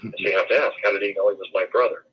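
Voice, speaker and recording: A man's voice: lowish voice, fairly even intonation, racing, slightly rough, lo-fi sound. A man in his sixties telling a long, rambling story as an interview guest.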